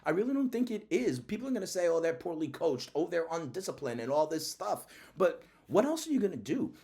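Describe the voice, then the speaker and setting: Animated male sports commentary host. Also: on the high side, gravelly. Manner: emphatic, repetitive, animated.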